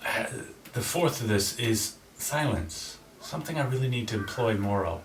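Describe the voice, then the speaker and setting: A man's voice: mid-range voice, lively intonation, normal speed. Casual man in a roomy, distant recording. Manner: casual, restarts sentences, demonstrates voices. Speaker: channel host. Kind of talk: casual book review talk. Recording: roomy echo, voice from a distance with faint ambient noise.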